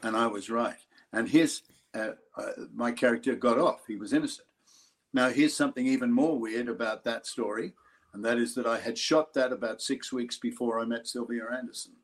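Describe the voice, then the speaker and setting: An older Australian actor telling a lively story in an interview, acting out other people's voices. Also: male voice, medium pitch, moderate pace. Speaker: actor guest. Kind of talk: interview anecdote.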